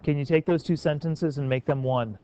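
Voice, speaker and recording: A man's voice: a little high, brisk, warm tone, smooth. Man teaching a classroom, dull recording. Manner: encouraging, questioning students by name.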